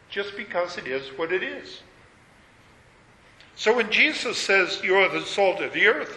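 A man preaching a sermon, measured and emphatic, leaning on repetition. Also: high-pitched, sharp tone. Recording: echoey hall with long reverb.

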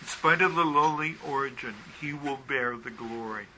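A man teaching a Bible study verse by verse, reading passages aloud, often pausing with ums and asking rhetorical questions. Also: mid-range voice, background noise. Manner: halting with frequent ums, asks rhetorical questions.

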